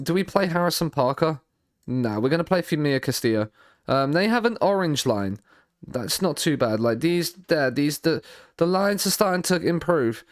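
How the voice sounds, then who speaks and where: A man streaming a football management game, thinking out loud in a rambling way, often repeating and restarting his words, with dry sarcastic asides. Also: on the high side, dry recording. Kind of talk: live stream commentary while playing a football manager game.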